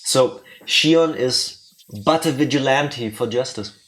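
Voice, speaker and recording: A woman co-hosting a let's play, commenting casually with jokes and quick asides. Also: a bass voice. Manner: joking, quick asides, laughs often.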